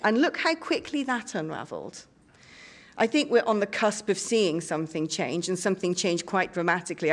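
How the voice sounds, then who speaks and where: Emphatic woman giving a rousing speech. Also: fairly low pitch. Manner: emphatic, defiant, rhetorical. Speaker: panel speaker. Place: conference hall.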